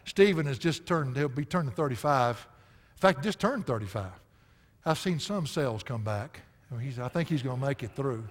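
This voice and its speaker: A man, preaching a sermon as a pastor in a folksy storytelling manner with loud bursts of emphasis and frequent laughter. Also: fairly high pitch. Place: church sanctuary. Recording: echoey church hall reverb.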